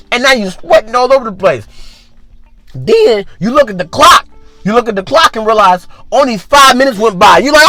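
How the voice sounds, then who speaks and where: A man's voice: very high voice, a little fast, no room sound, faint music behind. A man hosting a podcast, telling a comic story as an exaggerated rant full of repeated asides. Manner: animated, exaggerated, repetitive asides. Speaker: podcast host.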